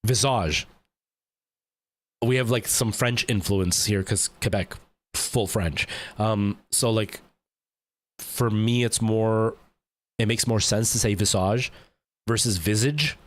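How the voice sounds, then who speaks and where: A young man streamer, born in El Salvador and raised speaking Spanish, talks in a Canadian English accent with a slightly lower voice. He rambles casually, piling on "like" and restarts. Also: steady tone, slow, long pauses, dry recording. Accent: Canadian English with some American. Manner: rambling, lots of "like", mimics others' voices.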